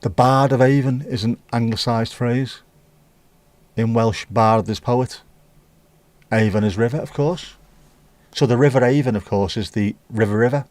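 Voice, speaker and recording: A man's voice: mid-range voice, moderate pace, pauses often, darkish tone, dry recording. Chatty British man hosting a livestream. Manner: reads viewer comments aloud and riffs on them; chatty, opinionated, mildly profane. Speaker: livestream host. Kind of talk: casual livestream chat.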